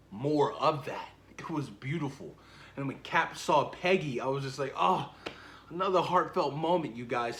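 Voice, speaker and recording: A young man in a casual, gushing film review who keeps repeating himself and trails off softly at the ends of lines. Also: medium pitch, a little hiss or hum. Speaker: movie vlogger.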